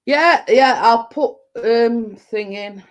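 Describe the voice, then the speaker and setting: A woman's voice: on the high side, takes it slowly. A woman hosting a live stream, chatting in a rambling way and laughing often. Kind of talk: casual chat.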